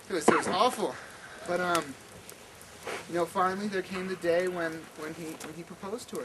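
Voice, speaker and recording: Animated male campfire storyteller, slightly high voice, loud outdoor noise behind. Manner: animated, repetitive, stammering restarts. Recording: noisy outdoor camp recording.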